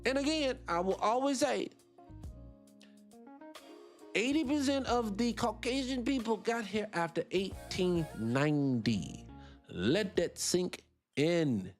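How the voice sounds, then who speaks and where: A man hosting a radio talk show, arguing his points in an animated, rhetorical way and repeating himself for emphasis. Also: high-pitched, slow, pauses often, faint music behind. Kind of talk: opinionated solo radio talk.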